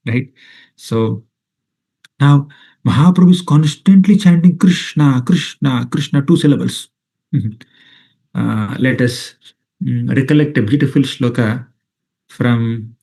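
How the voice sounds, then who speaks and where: Male spiritual teacher, fairly high and mellow voice, patient word-by-word scripture explainer. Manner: explains Sanskrit terms word by word, often checks with "right?"; repeats chanted names rhythmically. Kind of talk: scripture lecture.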